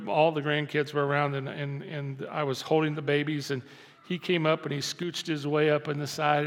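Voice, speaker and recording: An older man preaching a sermon as pastor, dropping to soft intimate lows and rising to loud emphatic lines. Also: creaky. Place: church sanctuary. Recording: long hall reverb.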